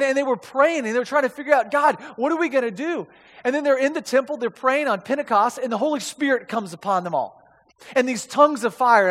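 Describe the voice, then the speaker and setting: Male pastor, high voice, animated conversational preaching, big reverberant hall. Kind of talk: sermon.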